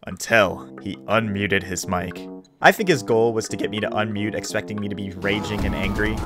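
A man's voice: fairly low pitch, moderate pace, over music. A man giving casual, wry narration over his gameplay as a gaming YouTuber. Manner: wry, laid-back storytelling.

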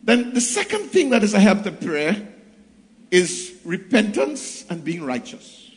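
A man preaches in a church, his voice sitting very high for a man. He reads long passages of scripture and then rises to call out to the congregation. The sound rings with the long reverb of a church hall. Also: very animated, a little slow. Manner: preaching with scripture readings, rising and calling out to the congregation. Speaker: pastor. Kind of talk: sermon.

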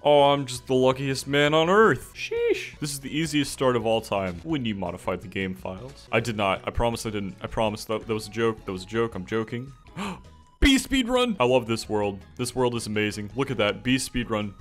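A man streaming a game, talking casually to chat, excitable, jokey and swearing, with faint music behind him. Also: mid-range voice, a little fast, few pauses. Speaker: gaming streamer. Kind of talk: casual gameplay commentary to chat.

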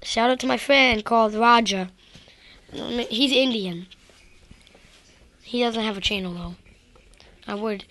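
Bright, chatty young-sounding woman gamer. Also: on the high side, a little slow, pauses often. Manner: rambling, self-deprecating, talks to viewers. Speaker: gaming video creator. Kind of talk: casual gameplay commentary.

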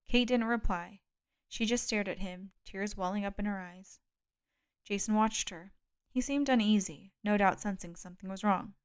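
Calm woman reading a thriller. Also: medium pitch, clear, resonant tone. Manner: measured, calm storytelling. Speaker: audiobook reader. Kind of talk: scripted narration.

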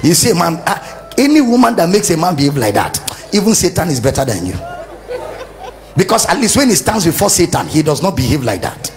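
A man preaching a sermon with a Nigerian English accent, animated and humorous, acting out little scenes for the congregation. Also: on the high side, fairly quick, soft background music. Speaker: pastor. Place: church service.

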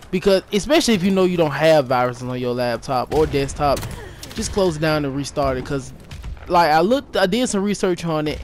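A man telling a story to his viewers in a casual vlog, animated and rambling, repeating himself and tossing in "yo". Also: on the high side. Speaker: YouTuber. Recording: noisy with game gunfire behind.

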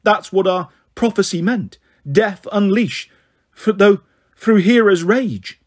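A man's voice: sits high, takes it slowly. A man voicing a cheeky, wisecracking teenage boy who talks casually.

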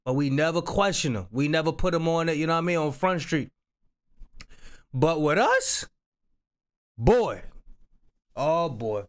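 A man giving casual reaction commentary, slangy and animated, often repeating his phrases. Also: a little high, moderate pace, clean tone. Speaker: reaction streamer.

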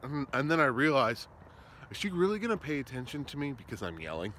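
A man vlogging while he walks outdoors, his bright voice rising and falling in a lively sweep, leaning hard into some words and dropping soft and slow for others. Faint street noise runs behind him. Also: medium pitch. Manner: animated, swings between loud emphasis and soft slow asides. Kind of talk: walking vlog, casual advice talk. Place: outdoors on a walk, street traffic nearby.

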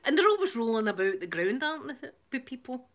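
A woman's voice: fairly high pitch, sing-song, fast. A middle-aged Glaswegian woman talks with her viewers in a loose live-stream chat. She laughs a lot and keeps a giggly, chatty flow between thanking people and telling stories. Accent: Glaswegian Scottish. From Glasgow, Scotland. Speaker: channel host reading viewer comments.

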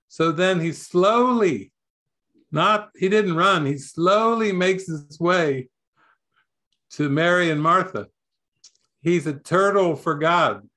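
Older male spiritual teacher, unhurried, slightly high voice, playful and laughing as he tells a story. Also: fairly bright tone. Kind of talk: sermon.

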